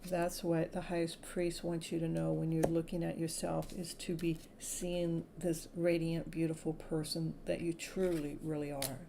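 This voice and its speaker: A woman's voice: low voice, little pitch movement, moderate pace, gravelly, hardly any pauses, noisy background. A woman from California giving a live-stream tarot reading, speaking in soothing spiritual affirmations and laughing often. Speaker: tarot reader.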